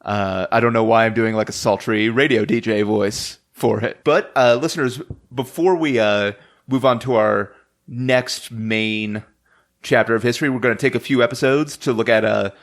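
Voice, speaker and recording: A man's voice: medium pitch, fairly even intonation. A man hosting a podcast who laughs a lot and hesitates with frequent ums while he runs the episode. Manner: laughs often, slow, hesitant delivery with many ums. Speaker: podcast host. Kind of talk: casual podcast chat.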